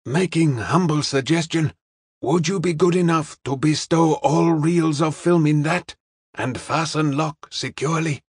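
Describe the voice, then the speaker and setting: A man's voice: a little high, slightly rough, no room sound, studio quality, pitched above the performer's own voice. A man voicing a courteous middle-aged male detective who speaks formally and evenly. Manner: polite, formal, measured.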